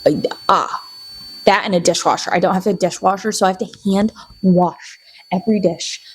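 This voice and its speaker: A young woman rambling through a casual video diary, chatty and animated, acting out bits of conversations as she tells them. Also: mid-range voice, fairly quick, a little hiss or hum, poor audio. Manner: rambling, animated, chatty storytelling with playful quoted voices. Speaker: video diarist. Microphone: camera.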